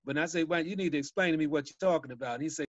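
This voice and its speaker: A Chicago man, a violence prevention guest speaker on a webinar, tells street stories in a folksy way and chuckles at his own tales. His voice is fairly high and rapid-fire, with no echo, and the video call audio sounds dull and dry.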